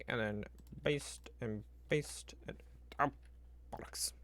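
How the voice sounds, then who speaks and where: A man's voice: medium pitch, measured pace, long pauses, fairly bright tone. A man streaming as he builds a spreadsheet, thinking aloud in a casual, rambling way, talking to his computer and making up little sound effects. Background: keyboard typing and clicking.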